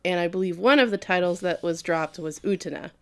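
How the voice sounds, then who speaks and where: A woman's voice: on the low side, a little fast, clear, resonant tone. A woman co-hosting a casual podcast, recapping an anime and acting out the characters' lines. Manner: animated, acts out quoted lines. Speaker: podcast co-host.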